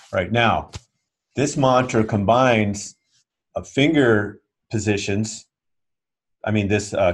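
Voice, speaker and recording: A man with a fairly low voice leads a yoga class over a video call. He explains each step patiently and keeps checking that his students are following along. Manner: patient, checks understanding often. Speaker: yoga teacher. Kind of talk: instructional class talk.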